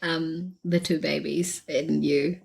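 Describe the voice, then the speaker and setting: A woman's voice: low-pitched, steady tone, slow pace, vocal fry, a little mellow. A woman co-hosting a podcast in casual chat, talking with many fillers and restarts. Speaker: podcast co-host.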